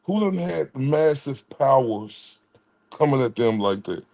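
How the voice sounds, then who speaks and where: A man's voice: mid-range voice, animated, measured pace, gravelly, darkish tone. A man from Texas, streaming commentary in a preachy way and repeating his phrases.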